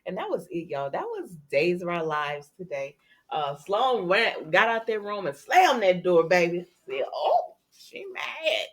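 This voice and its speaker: A woman's voice: lowish voice, very animated, moderate pace. A woman recapping a soap opera episode in casual chat, sassy and talking straight to her viewers.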